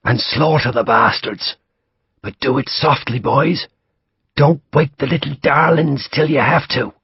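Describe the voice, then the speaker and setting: A man's voice: mid-range voice, unhurried, creaky, slightly rough, no echo, dull audio, pitched above the performer's own voice, full character voice. A man voicing a fierce Irish army major who rallies his men with urgent battle calls. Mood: eager.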